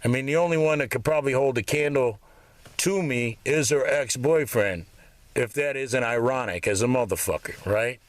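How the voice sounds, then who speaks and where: A man's voice: mid-range voice, moderate pace, no room sound. A man in his fifties ranting bitterly in a rambling, profanity-laden monologue. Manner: bitter, rambling, swears constantly. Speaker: vlogger.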